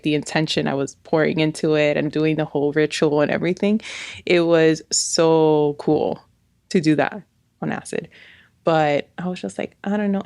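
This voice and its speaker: Low, gravelly-voiced woman chatting. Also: darkish tone, no echo. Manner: chatty, fills with "like". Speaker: podcast host. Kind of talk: casual chat.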